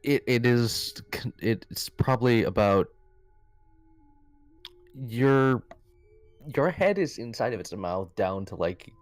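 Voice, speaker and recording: Male game master; rambling narration, mid pitch, dry recording. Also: lively intonation, slow pace, pauses often, no echo, faint music behind. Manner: loose, filler-heavy narration.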